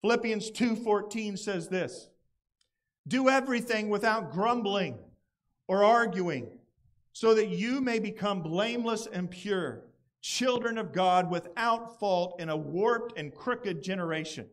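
A man with a high, light voice preaching a sermon to a congregation. He talks in an animated way and stays conversational, breaking now and then into playful quoted voices. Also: measured pace. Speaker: pastor. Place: church gathering outdoors.

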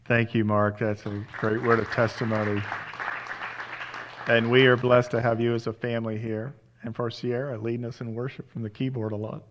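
A man's voice: medium pitch, little pitch movement, moderate pace, a faint crowd, a little hiss or hum. Pastor man leading a church service. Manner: encouraging, thanking each speaker. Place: church sanctuary.

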